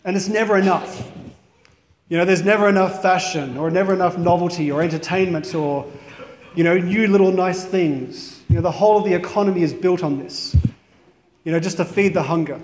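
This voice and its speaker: A man's voice: high voice, brisk, roomy sound, long reverb tail, a little hiss or hum. A man giving a conversational, reflective sermon in a chapel. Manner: conversational, reflective, many "you know" fillers. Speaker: priest.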